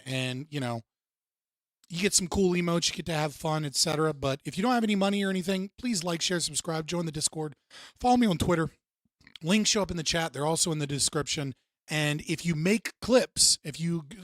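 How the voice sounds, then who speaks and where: A man's voice: a little high, a bit bright, no room sound, clean studio sound. A man hosting a live-stream reaction show, ranting and joking with heavy profanity. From United States. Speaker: livestream host.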